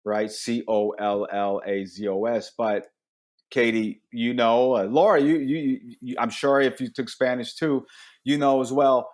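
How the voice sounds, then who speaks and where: A man's voice: medium pitch, unhurried. A man in his thirties from Colombia, a comedian guest telling funny stories in casual chat and acting out the people in them. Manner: animated, acts out quoted voices.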